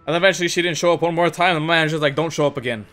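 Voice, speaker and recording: A young man casually telling a work story for his gaming channel, animated and cursing, acting out the other people in shifting voices. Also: on the high side, racing, smooth. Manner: animated, swears, acts out quotes in shifting voices. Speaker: gaming youtuber. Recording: faint music underneath.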